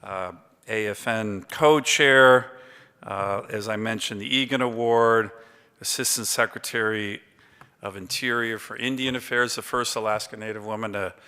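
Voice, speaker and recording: A man in his fifties gives an award acceptance speech at a banquet. His very bright, crisp voice carries through a large hall with a long reverb, and he rambles through anecdotes with plenty of ums and uhs. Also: fairly low pitch, fairly even intonation, moderate pace. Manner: chatty anecdotal storytelling with many fillers. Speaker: award recipient giving a speech. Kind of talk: after-dinner acceptance speech.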